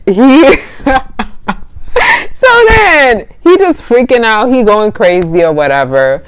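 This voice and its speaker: A woman's voice: a little high, huge pitch swings, slow, no echo. A young woman vlogger casually telling a dating story, chatty and laughing often as she acts out both sides of the conversation.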